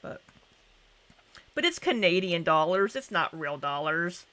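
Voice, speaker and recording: A woman's voice: on the low side, lively intonation, slow, long pauses, bright, forceful tone. A young woman hosting a casual livestream, chatting and greeting viewers by name. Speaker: livestream host.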